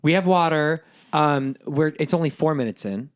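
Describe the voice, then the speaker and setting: A man's voice: a little high, moderate pace, smooth. A man co-hosting a podcast, telling stories in a playful, jokey way with frequent laughter. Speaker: podcast co-host. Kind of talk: casual chat.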